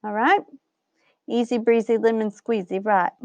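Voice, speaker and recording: Woman teacher, fairly high, patient explainer; dry, close, slightly muffled recording. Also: steady tone, normal speed, no echo. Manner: patient, explains step by step, checks with "right?". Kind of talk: recorded grammar lesson.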